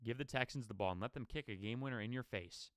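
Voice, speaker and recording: A man hosting a sports podcast, giving an opinionated, rapid-fire solo rant full of rhetorical questions. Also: medium pitch, a bit bright, dry recording, studio quality.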